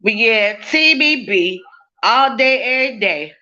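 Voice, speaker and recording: A streamer cooking at home talks straight to her chat, cursing freely and breaking into frequent laughter. Her voice is fairly high, animated and sharp, her pace a little slow. The audio sounds dull.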